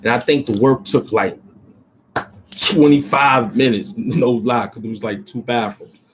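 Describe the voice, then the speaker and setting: A man's voice: medium pitch, steady tone, measured pace, background noise. A man, a rapper, talking in a loose, rambling monologue full of street slang and "you know what I'm saying", in a small cramped room.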